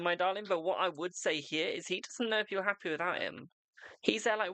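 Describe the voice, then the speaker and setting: A young man gives a live-streamed tarot reading in a raised, gravelly voice with a bright, forceful edge. He talks in a soothing, repetitive way, checking in with "okay?" and calling the viewer his darling. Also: high-pitched, quick pace, no echo. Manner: reassuring, repetitive, keeps saying "okay" and "my darling".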